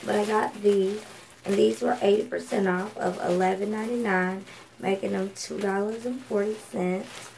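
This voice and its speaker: A woman's voice: medium pitch, steady tone, normal speed, gravelly, darkish tone, a little hiss or hum, low-quality recording. A woman from Georgia, chatting casually through a thrift haul with lots of ums and self-corrections. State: coughing from allergies. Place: home at night.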